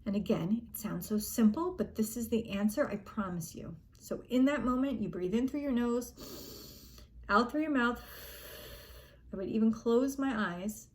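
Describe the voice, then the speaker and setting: A woman's voice: on the high side, lively intonation, moderate pace, slight background noise. Earnest woman coach giving reassuring advice. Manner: earnest and reassuring, acts out an athlete's panicked inner voice. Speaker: gymnastics coach. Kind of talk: casual spoken coaching advice.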